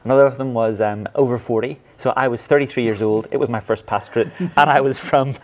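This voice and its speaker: A man's voice: mid-range voice, fairly even intonation, fast talker, darkish tone. A man in his forties with a Northern Irish accent, a pastor answering interview questions earnestly, with frequent fillers and restarts. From Northern Ireland. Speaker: pastor and church planting leader.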